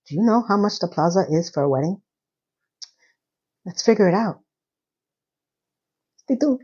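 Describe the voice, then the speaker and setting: A middle-aged woman, recapping a TV episode as a casual host. She is candid and animated and swears freely. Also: fairly low pitch, breathy edge. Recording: dull lo-fi sound.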